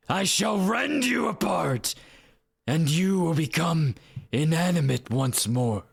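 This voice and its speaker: A man voicing a wrathful, grandiose male angel in a slow, menacing, raspy declamation. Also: mid-range voice, no echo, voice pushed up, full character voice. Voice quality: raspy, gravelly. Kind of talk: live-streamed voice acting.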